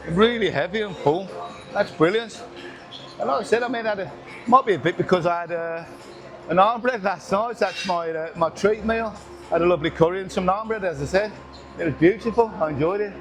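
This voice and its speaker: Older guy cracking jokes and swearing mid-workout, fairly high voice, gym music going behind him. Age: 60s. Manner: joking, swearing, breathless from lifting. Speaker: gym vlogger. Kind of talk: casual workout commentary. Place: busy gym with music playing.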